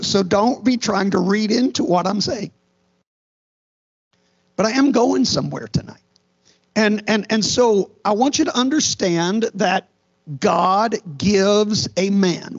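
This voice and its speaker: Raspy high-voiced preacher, lo-fi. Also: male voice, takes it slowly. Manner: earnest storytelling preacher with repeated restarts. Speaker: pastor. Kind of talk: sermon. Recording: dull lo-fi sound.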